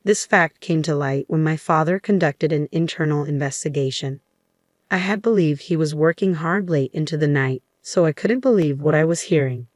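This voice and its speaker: The narrator is a woman whose low voice carries a first-person tale at a normal, steady, even pace. It's a dry, close recording free of any room sound.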